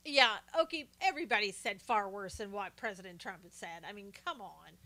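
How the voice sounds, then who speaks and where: A woman's voice: medium pitch, brisk, bright, forceful tone. An older woman hosting a casual political commentary livestream, chatting and greeting viewers by name as she talks. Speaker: live stream host.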